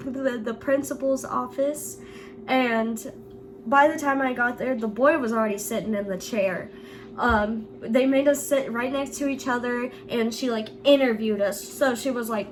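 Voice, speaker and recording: Young woman, high voice, casual storytelling, giggly, chatty with lots of fillers, faint background hum. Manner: giggly, laughs through the story. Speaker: vlogger.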